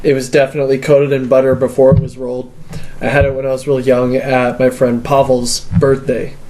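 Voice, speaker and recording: A man with a mid-range voice trades stories in a relaxed podcast chat, blunt and quick to swear. Faint hiss runs beneath the recording. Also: medium pitch, low-quality recording. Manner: storytelling, profane, blunt. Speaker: podcast guest. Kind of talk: casual chat.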